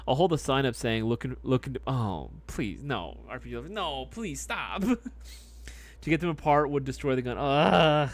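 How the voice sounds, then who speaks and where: A young man hosting a live stream, chatting casually and reacting loudly to chat messages. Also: medium pitch, moderate pace. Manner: laid-back, chummy, calls people dog and brother.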